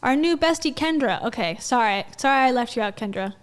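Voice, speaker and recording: A woman's voice: on the high side, animated, brisk. A woman hosting a livestream, chatting casually and skeptically as she comments on event clips and greets viewers. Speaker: livestream host reviewing an event.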